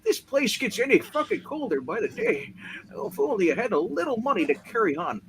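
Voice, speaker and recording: A man's voice: very high-pitched, big pitch swings, fairly quick, a bit bright, full character voice. A man voicing a brash young male scientist, boastful and crude, swearing as he tells his story, with faint noise behind.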